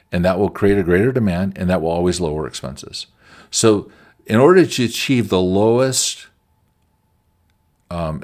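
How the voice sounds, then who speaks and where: A man's voice: on the low side, a little mellow. A man teaching quality management through conversational stories from his work. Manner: conversational, anecdotal. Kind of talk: storytelling lecture.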